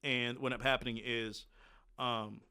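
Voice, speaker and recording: A man's voice: medium pitch, level tone, normal speed, bright, forceful tone, clean tone. A man, a military veteran, telling war stories to a podcast host in a blunt, candid way, with lots of filler words. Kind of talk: casual conversational storytelling.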